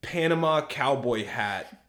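A man co-hosting a podcast, telling a story in crude, animated casual chat with lots of fillers. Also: mid-range voice, takes it slowly. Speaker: podcast co-host.

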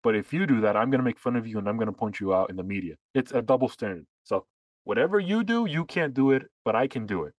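A man's voice: medium pitch, expressive, fast, dry recording, low-quality recording. A man co-hosting a political podcast who talks in long, sarcastic runs with frequent restarts. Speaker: podcast co-host. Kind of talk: casual political chat.

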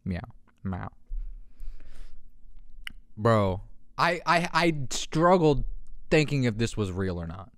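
Lively young man riffing on memes. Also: measured pace, clear, resonant tone, no echo, studio quality. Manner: excitable, swears, laughs often, does deep cat meows. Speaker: podcast host. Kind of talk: casual meme commentary. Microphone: handheld podcast mic.

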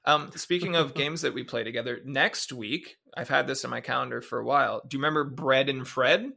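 Bright, gravelly male podcast host. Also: mid-range voice, a little fast. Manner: chatty, excitable. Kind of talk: casual chat.

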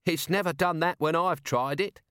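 A man's voice: fairly high pitch, moderate pace, fairly bright tone, clear, resonant tone, dry recording, clean studio sound, voice pushed up, close to an everyday voice. A man voicing a cheeky soldier disguised as a woman, telling stories in a brash, chatty way. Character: Corporal Nobbs disguised as woman Betty, cheeky.

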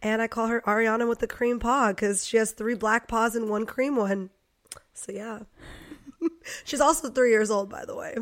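Congested young woman, high chatty voice. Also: fairly even intonation. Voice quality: raspier than usual. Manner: chatty, profane, quick laughs. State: congested with a cold. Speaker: podcast co-host. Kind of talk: casual chat.

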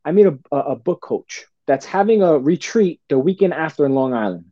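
Animated storytelling man, dark lo-fi sound. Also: on the high side, fairly quick, no echo. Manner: animated, calls the host brother and bro. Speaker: podcast guest. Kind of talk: casual storytelling. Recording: dull, dry lo-fi sound.

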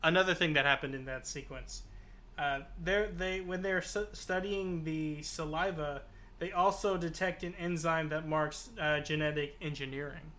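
A man's voice: fairly high pitch, fairly even intonation, normal speed, sharp tone. A man co-hosting a casual book podcast, thoughtful and hesitant, often restarting his phrases. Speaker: podcast co-host.

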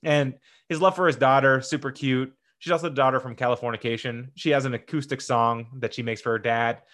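Excitable man gushing about movies. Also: mid-range voice, brisk. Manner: excitable, jumps between loud bursts and soft asides. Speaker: host ranking sports movies. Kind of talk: casual enthusiastic commentary.

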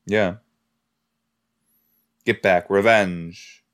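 Reacting to a TV episode on his podcast, a man chats casually in an expressive, fairly low voice, amused easily and quick to gasp and laugh.

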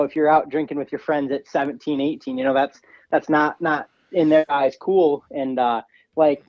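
A young man, a guest on a podcast, telling a story in a casual, animated way and putting on a higher voice when he quotes other people. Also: dry recording, dull audio. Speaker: guest, ATV racer.

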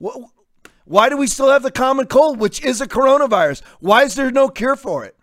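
A man's voice: very high voice, lively intonation, brisk, a bit bright, dry recording, studio quality. A man in his fifties hosting a talk show, delivering combative, sarcastic commentary. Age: 50s. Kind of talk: opinionated commentary.

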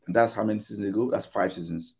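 Man, podcast panelist, animated exasperated rant, casual football chat. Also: on the low side, fast. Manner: animated, exasperated ranting with quoted back-and-forth.

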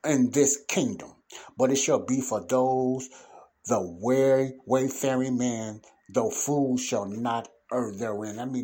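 A man preaches an informal Bible lesson, reading verses aloud and then explaining them in everyday speech, breaking into emphatic bursts and sudden exclamations. His voice is medium-pitched and mellow with a breathy edge.

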